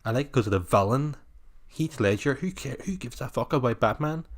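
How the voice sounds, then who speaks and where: A man's voice: medium pitch, expressive, a little fast. A man, chatting casually and easily about films.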